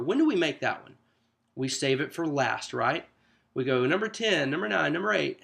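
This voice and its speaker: Man, conversational lesson voice, lively ups and downs, slightly high pitch, asks questions. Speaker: small group teaching coach. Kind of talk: teacher training talk to camera.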